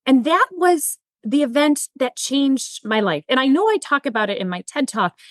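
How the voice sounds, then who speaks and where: A woman's voice: high-pitched, animated, moderate pace, dry recording, clean studio sound. A woman guest, a nurse entrepreneur, telling stories animatedly and acting out quoted dialogue. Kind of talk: storytelling in interview.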